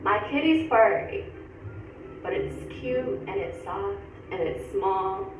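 A woman's voice: medium pitch, expressive, takes it slowly, very echoey, background noise. A young woman in a casual prank conversation, speaking in a playful, coy way with giggles. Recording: distant lo-fi clip with music.

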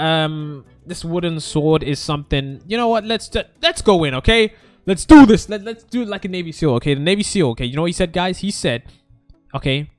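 A young man hosting a gaming video, energetic and rambling, with a jokey let's-play commentary manner. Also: a little high, no echo.

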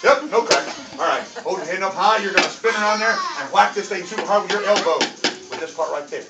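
A man's voice: high-pitched, lively intonation, fairly quick. A man teaching children as a martial arts instructor at a belt test, playful and encouraging, talking simply to kids in a studio. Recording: echoey room from far away with music.

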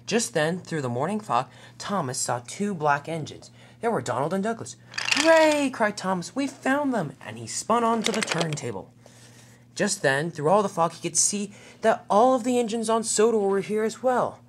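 Homemade train story narrator, lively up-and-down voice, faint hum behind. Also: medium pitch, moderate pace. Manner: animated storytelling.

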